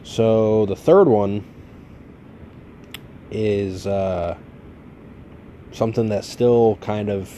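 A man's voice: on the low side, dark tone, a little hiss or hum. A man in his late twenties casually telling a long story on his podcast, rambling and swearing freely. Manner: rambling, profane, laid-back. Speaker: podcast host.

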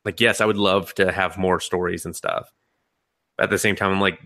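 A young man co-hosting a podcast in casual chat, rambling and animated, laughing often and swearing freely. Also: sits low, moderate pace. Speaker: podcast co-host.

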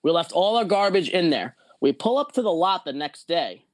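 A man's voice: sits high, expressive, normal speed, no echo. A man telling a rambling, profane story in a casual podcast chat. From not from Jersey or Pennsylvania.

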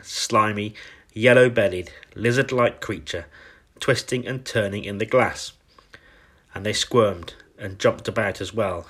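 A man with a somewhat low, husky voice narrates a children's audiobook. His storytelling is expressive and dramatic.

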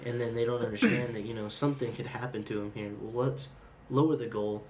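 A man's voice: mid-range voice, quick pace, slight background noise. Young man telling stories casually. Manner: animated storytelling, slips into quoted voices. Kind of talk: casual chat.

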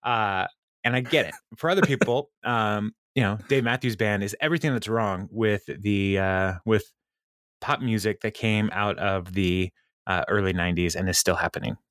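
Laughing low-voiced man, casual podcast host. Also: normal speed, fairly bright tone, dry recording, clean studio sound. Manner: laughs often, lots of ums, reads out quotes. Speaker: podcast host recapping episodes. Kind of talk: casual chat.

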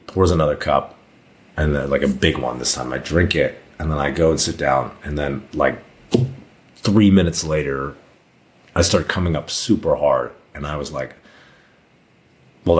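A bass-voiced man appears as a podcast guest, telling a long personal story. He rambles casually and fills his speech with lots of "like."

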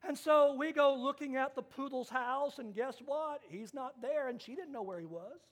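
High-voiced man preaching a sermon. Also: moderate pace. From Kansas. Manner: storytelling with acted-out quotes, swings from hushed to loud. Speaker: pastor.

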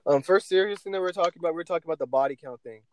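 A young man co-hosting a casual podcast, ranting with loud and soft swings. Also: on the high side, rapid-fire, slight background noise, rough recording. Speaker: podcast co-host.

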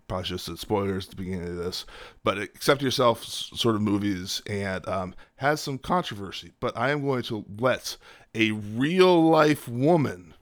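A lower-pitched man talks through a film in a casual review chat. He makes dry, wry asides in an easygoing way. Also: a bit bright.

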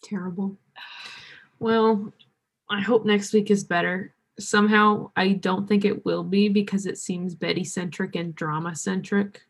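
A woman's voice: mid-range voice, fairly even intonation, a little slow. A woman co-hosting a podcast, chatting casually about a TV episode with dry, sardonic remarks. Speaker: podcast co-host. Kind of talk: casual TV recap chat.

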